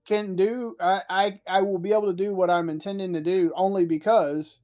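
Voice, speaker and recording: Crude joking podcast host. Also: male voice, high-pitched, steady tone, moderate pace, muffled recording, faint music behind. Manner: crude, joking, reads chat comments aloud. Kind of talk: casual podcast chat.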